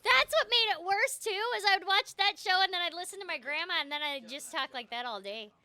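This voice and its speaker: A woman hosting a casual chat in an animated, chatty way, with a light Minnesotan tinge to her American accent. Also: very high voice, a little hiss or hum. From Seattle, USA. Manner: chatty, animated, quick to laugh. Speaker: host.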